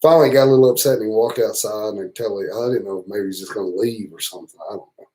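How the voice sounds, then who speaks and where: A man's voice: fairly low pitch, racing, warm tone, low-quality recording. A man with a Southern US accent, hosting a livestream and spinning rambling, profane, teasing stories in a casual way. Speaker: motorcycle travel channel host.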